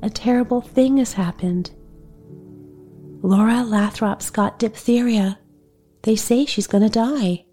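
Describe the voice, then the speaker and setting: Anxious little neighbor girl rushing out bad news, read by a woman, slow, faint music under. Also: fairly high pitch, mellow. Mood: frightened. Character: excitable young neighbor girl.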